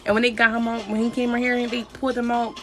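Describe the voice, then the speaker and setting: A young woman telling a casual storytime in a blunt, profane, animated way. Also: a little high, quick pace. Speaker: vlogger.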